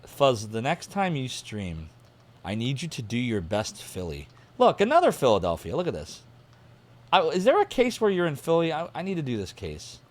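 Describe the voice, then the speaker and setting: A man streaming a detective game, reading its newspaper text aloud and chatting casually as he thinks out loud and jots down notes. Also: medium pitch, wildly swooping pitch, moderate pace.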